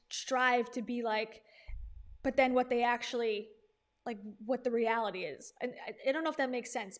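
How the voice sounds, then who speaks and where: A woman with a notably high voice talks through a reaction commentary in a loose, chatty way. She leans sarcastic and drops laughing asides between points. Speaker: commentary host.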